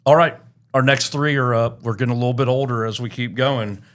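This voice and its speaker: A man's voice: mid-range voice, steady tone, a little fast. Joking middle-aged male podcast host. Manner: joking, teasing, tells dad jokes. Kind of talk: casual interview chat.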